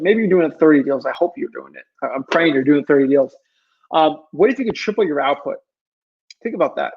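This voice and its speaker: A man's voice: a little high, a little mellow, breathy edge, lo-fi sound. A man giving casual advice while answering viewer questions, earnest and pleading, rambling with lots of fillers. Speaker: real estate wholesaler answering viewer questions.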